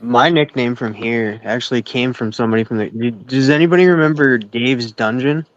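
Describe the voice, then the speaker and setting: An easygoing man telling how he got his nickname in a casual group chat, a little halting. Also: mid-range voice, no room sound, muffled recording. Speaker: channel host, guest in a group chat.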